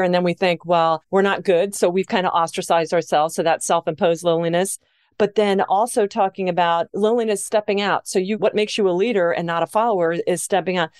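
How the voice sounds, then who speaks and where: A woman hosting an interview who responds to her guest with warm enthusiasm. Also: fairly low pitch, clean tone, no echo, studio quality. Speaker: podcast host. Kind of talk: conversational interview.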